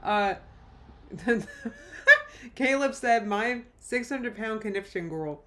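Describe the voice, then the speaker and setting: A woman's voice: fairly high pitch, expressive. Woman streamer, casual reaction commentary, chatty and rambling. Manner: chatty, rambling, quick asides with laughs. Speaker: live-stream reaction host.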